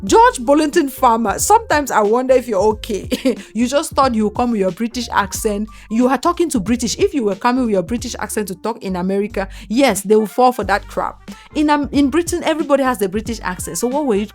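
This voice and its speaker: A woman talks straight to the listener in an opinionated commentary, her pitch swinging up and down as she piles on rhetorical questions. She mocks and teases, breaking into laughter often. Faint music plays behind her.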